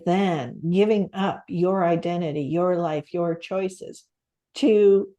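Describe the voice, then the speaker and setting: A woman's voice: fairly low pitch, steady tone, slow, warm tone. A middle-aged Canadian woman, a podcast guest, sharing a heartfelt personal story in an earnest way. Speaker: podcast guest, stress coach and author.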